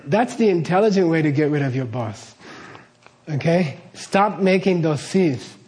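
A man's voice: fairly high pitch, animated, measured pace, a little mellow. Chatty man teaching, laughing often. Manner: chatty, laughs often, keeps asking "okay?". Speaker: teacher of karma ideas. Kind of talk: casual spoken teaching talk.

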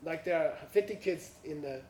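Guy telling a story in non-native english, kinda high voice, echoey room, mic a ways off. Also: normal speed, darkish tone, a little hiss or hum. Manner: chuckles through punchlines, with frequent "you know" and "uh". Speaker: speaker telling a story to an audience. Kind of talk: anecdotal storytelling talk. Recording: roomy, from a distance.

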